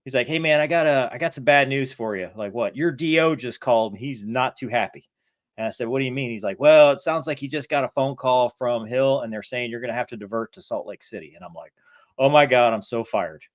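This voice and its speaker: A man's voice: mid-range voice, quick pace, no echo, lo-fi sound. A middle-aged man co-hosting a podcast, telling a flying story and acting out the radio calls. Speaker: podcast co-host, former fighter pilot. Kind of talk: casual storytelling chat.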